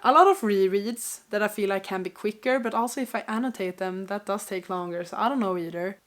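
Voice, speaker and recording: A woman's voice: medium pitch, fairly quick. A woman vlogger chatting casually to camera about her reading plans, her voice stuffy and congested, rambling and second-guessing herself as she talks. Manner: chatty, self-doubting, rambling. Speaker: book vlogger.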